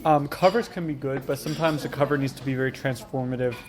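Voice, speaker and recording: A man's voice: medium pitch, fast, noisy background. A young man hosting a casual podcast in a Korean restaurant, rambling with many fillers. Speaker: podcast host. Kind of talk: casual chat. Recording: busy restaurant chatter behind.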